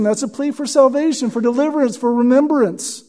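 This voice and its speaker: A man preaching a sermon as pastor, teaching through scripture and sinking to a hushed tone when he quotes. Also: very high voice, moderate pace, hardly any pauses.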